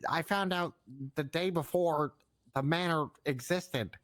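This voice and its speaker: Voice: mid-range voice, measured pace. A speaker in a role-play meeting, rambling and stumbling over words. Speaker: gang member in role-play. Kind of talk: in-character meeting talk.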